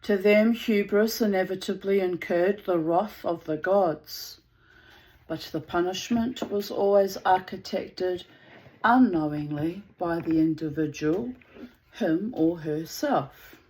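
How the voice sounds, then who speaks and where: A woman's voice: fairly low pitch, slow, darkish tone, low-quality recording. A woman reading old myths aloud as a storyteller, with casual spoken asides.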